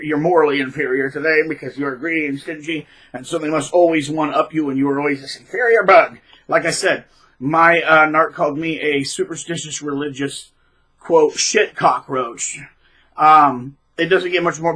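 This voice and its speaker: A man talks to his audience in a loose, rambling monologue, restarting his sentences and punching words with sudden loud emphasis. His voice sits a little high, with a bright, edgy tone and a husky grain. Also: steady tone, brisk, poor audio. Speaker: channel host. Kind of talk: casual advice monologue.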